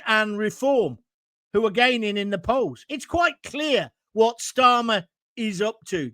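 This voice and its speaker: A man's voice: very high voice, no room sound. A middle-aged man hosting a live political commentary show, combative and emphatic, reading out viewer comments and pushing back. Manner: combative, emphatic, rising to near shouts.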